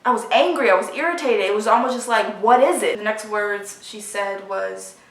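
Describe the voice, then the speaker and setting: A woman of about twenty, telling a personal story in a halting, emotional way full of fillers, recorded in her apartment. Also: mid-range voice, a bit bright, far from the mic. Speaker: vlogger. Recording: roomy sound, voice from off the mic.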